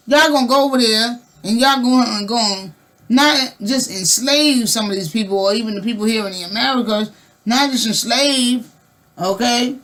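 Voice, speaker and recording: A woman's voice: on the high side, fairly bright tone. Fervent woman vlogger talking to camera. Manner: fervent, emphatic, lots of rhetorical questions; loose and conversational, with frequent restarts. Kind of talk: casual talk to camera.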